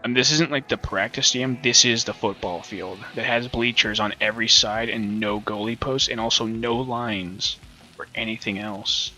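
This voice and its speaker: A man's voice: medium pitch, fairly even intonation, normal speed, sharp tone. A man hosting a let's play, rambling, joking and swearing as casual gameplay commentary.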